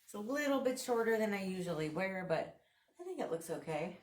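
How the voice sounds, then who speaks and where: A woman's voice: mid-range voice, sing-song, fairly quick. A woman vlogger chatting casually and enthusiastically through a thrift haul and try-on, laughing often.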